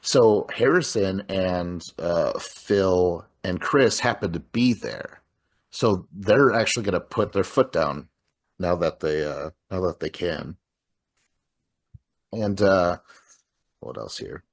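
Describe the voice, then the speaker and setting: A man's voice: low-pitched, slow. A man casually recapping a horror film, acting out characters' lines, swearing and laughing often. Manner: animated, acts out characters' lines mid-retelling. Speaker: podcast co-host. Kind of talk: casual movie recap chat.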